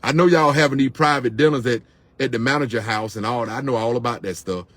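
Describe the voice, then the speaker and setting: A man's voice: mid-range voice, quick pace, a bit bright, no room sound. A middle-aged man, venting on camera in an impassioned, repetitive rant to his viewers. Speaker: vlogger.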